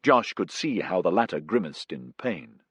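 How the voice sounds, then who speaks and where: Man narrating an audiobook, low voice, husky, lively melody, dry close sound. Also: no room sound. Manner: measured storytelling. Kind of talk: scripted narration.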